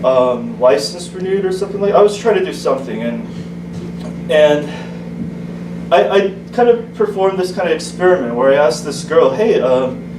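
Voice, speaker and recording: Halting man doing stand-up, far away. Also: a little high, lively intonation. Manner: halting, stumbling delivery with many restarts. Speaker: open-mic comedian. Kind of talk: stand-up comedy set. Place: small comedy club, indoors. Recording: echoey club, distant mic, room noise.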